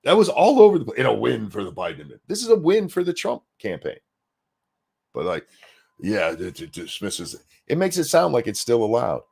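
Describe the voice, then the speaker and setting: A man's voice: mid-range voice, huge pitch swings, fairly quick, vocal fry, a little mellow, husky. A man co-hosting a casual political commentary chat, blunt and sarcastic, swearing freely and reading viewer messages aloud. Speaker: podcast co-host.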